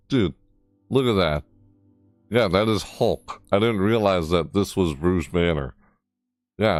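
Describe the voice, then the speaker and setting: A man giving a casual, rambling commentary on a video game, full of fillers, his voice jumping high when surprised. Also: no echo, clean studio sound. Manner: rambling, easily amazed, many fillers. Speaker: gaming YouTuber.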